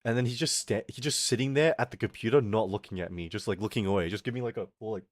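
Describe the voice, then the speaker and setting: A man's voice: lowish voice, fast, dry recording. A young man streamer telling a rambling, swear-filled story, acting out the other people in it. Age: young adult. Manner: swearing, animated retelling with quoted voices. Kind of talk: casual storytelling rant.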